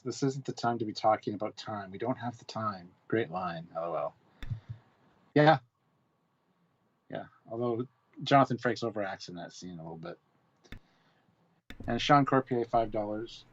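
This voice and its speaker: A man's voice: on the low side, highs cut off. A man co-hosting a casual live film discussion, rambling and repeating words while he searches for what to say. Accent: British. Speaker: co-host.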